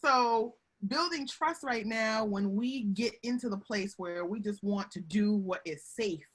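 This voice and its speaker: A woman giving a lively, chatty webinar talk over a video call from home, often calling her audience y'all. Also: mid-range voice, a little slow. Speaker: guest speaker on workplace relationships.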